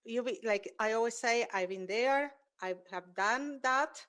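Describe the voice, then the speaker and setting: Spanish-speaking lady host, slightly high voice, earnest chat. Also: measured pace, a bit bright, smooth. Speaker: podcast host. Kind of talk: conversational interview.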